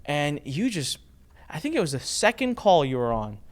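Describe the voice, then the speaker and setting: A man hosting a casual chat, telling a story in an animated way, laughing often and restarting his sentences. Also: on the high side, moderate pace. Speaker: host.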